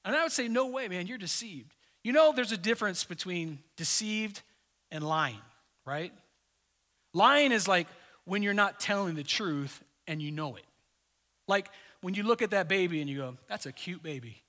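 A man preaching a sermon to his congregation in a conversational, joking way, often dropping suddenly to a soft voice. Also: high-pitched, animated, normal speed. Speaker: pastor.

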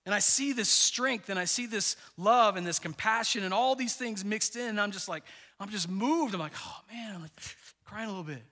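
A man preaching a sermon as a pastor, animated and conversational, full of fillers and restarts. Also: sits high, fairly quick, in a large hall.

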